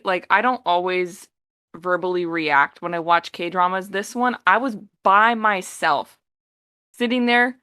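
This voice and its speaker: Woman, fairly low voice, lively storyteller, acts out quotes, dry close sound. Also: takes it slowly, long pauses, smooth, no echo. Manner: animated storytelling, acting out quotes. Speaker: podcast co-host. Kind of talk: casual podcast chat.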